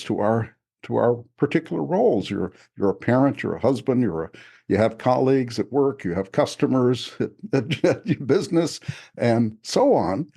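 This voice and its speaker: An older man talking in a thoughtful, halting way about spiritual life, often chuckling as he speaks. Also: mid-range voice, mellow. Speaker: podcast guest author. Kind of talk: reflective spiritual conversation.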